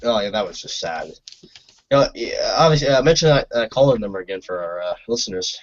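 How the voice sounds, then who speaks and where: A man's voice: on the low side, animated, quick pace, no room sound, lo-fi sound. A man from Canada co-hosting a casual talk show, speaking in a rambling way with repeated words. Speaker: co-host. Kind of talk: casual opinion chat.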